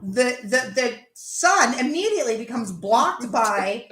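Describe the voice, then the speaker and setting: A woman hosting a casual livestream chat, animated and rambling, often exasperated. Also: a little high, unhurried. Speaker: livestream host. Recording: echoey room.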